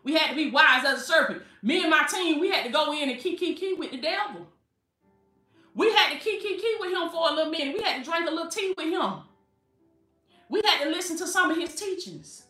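A woman preacher, delivering an animated sermon, calling listeners baby and laughing often. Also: extremely high pitch, fairly quick, distant mic. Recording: echoey, from off the mic, faint music.

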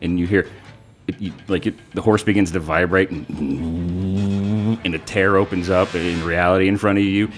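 A man narrating as game master in a tabletop game, rambling and halting. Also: deep voice, steady tone, faint music behind.

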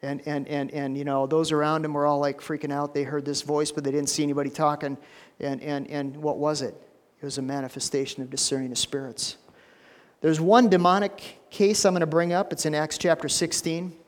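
A male pastor preaching a sermon in a church, telling stories with animated energy and stammered restarts. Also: fairly high pitch, fairly quick, long reverb tail.

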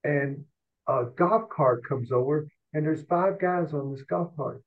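An older man, a sports columnist guest on a podcast, telling rambling, salty, self-mocking stories in an animated way. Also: a little high, slow pace. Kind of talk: rambling anecdotal storytelling. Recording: tinny phone-like line.

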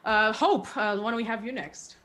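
A woman's voice: a little high, moderate pace, a bit bright. A woman with a mid-range voice moderates a group video call. She speaks in a friendly, hesitant way with many fillers. She calls on each guest in turn. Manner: friendly, hesitant, laughs often. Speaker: reunion panel host.

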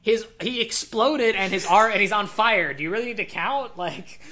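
A man casually retelling a movie plot to a co-host, animated and quoting the characters as he goes. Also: sits high. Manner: animated storytelling, quoting characters in quick voices. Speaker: podcast co-host. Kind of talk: casual movie recap chat.

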